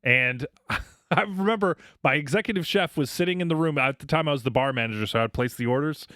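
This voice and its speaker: A man's voice: on the high side, quick pace, bright, forceful tone, no room sound, clean studio sound. A middle-aged man co-hosting a podcast, telling crude stories in casual chat and laughing often. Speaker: podcast co-host.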